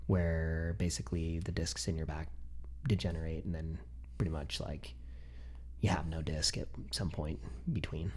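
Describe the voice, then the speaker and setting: This man's low-pitched voice has vocal fry and a breathy edge. In his thirties, he tells a personal story in a casual chat, animatedly reenacting what he and others said.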